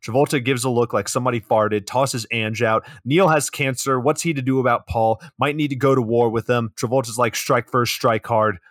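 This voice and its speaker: Male podcast co-host, profane and sarcastic, mid-pitched, dry booth sound. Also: steady tone, fairly quick, few pauses, dry recording. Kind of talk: casual comedic movie recap.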